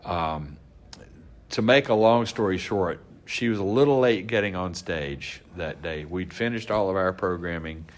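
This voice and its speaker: Casting: man with a deep voice, relaxed anecdotal storyteller, podcast guest recounting event stories. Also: a little slow. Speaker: guest, convention organizer. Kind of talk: casual storytelling interview.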